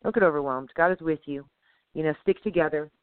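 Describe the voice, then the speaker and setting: A woman delivers lively, preachy encouragement in a casual faith podcast chat. Her voice comes through dry, with no room sound. It is squeezed thin, like a phone line. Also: low voice, fast, clear, resonant tone, no room sound. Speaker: co-host.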